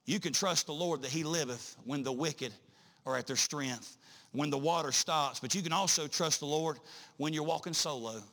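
A male preacher, delivering a sermon in a chanting style full of "uh" breaks, rising at times to shouts. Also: on the high side, moderate pace.

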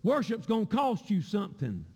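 A man preaching a sermon in a church sanctuary, with a repetitive cadence that rises into shouts. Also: high voice, huge pitch swings, normal speed, breathy edge, in a large hall.

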